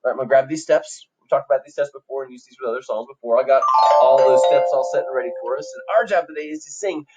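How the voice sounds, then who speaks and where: A man's voice: medium pitch, racing, muffled recording, very noisy. A man teaching a classroom music lesson, coaching students in an upbeat way and singing short examples for them to copy.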